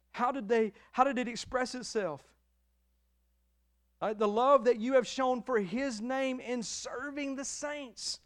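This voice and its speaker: This sermon is delivered by a middle-aged man whose pastor's voice is very high-pitched. Emotional and emphatic, he moves back and forth between loud proclamations and quiet, hushed stretches.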